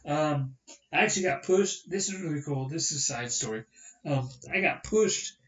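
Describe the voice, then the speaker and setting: Animated young man telling a story, roomy and distant. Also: a little high, normal speed. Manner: rambling, animated, acts out quotes. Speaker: podcast host. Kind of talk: casual storytelling chat. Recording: roomy, distant, dull sound.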